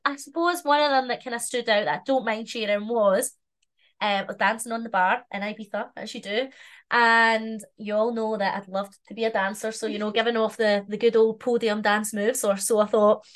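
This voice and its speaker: A woman co-hosting a podcast, talking in a relaxed, reflective way and laughing easily. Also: a little high, moderate pace. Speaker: podcast co-host. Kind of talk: casual chat.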